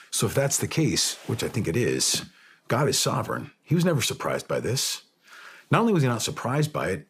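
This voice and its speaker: A man in his forties, a Navy officer, speaking earnestly about faith and forgiveness in a podcast interview, building to impassioned emphasis at times. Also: sits low. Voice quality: very smooth, resonant. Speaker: podcast guest, Navy SEAL captain.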